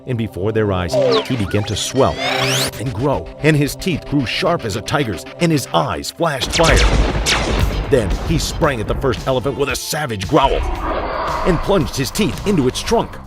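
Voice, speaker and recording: A male storyteller reading a children's storybook aloud in a measured, vivid way. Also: mid-range voice, very animated. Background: background music.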